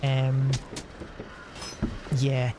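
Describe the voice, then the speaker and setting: Chatting while he streams a game, a young man rambles in a mid-range voice, extremely slowly and with a completely flat delivery. He swears frequently, fills his speech with fillers, and restarts sentences, all over a noisy background.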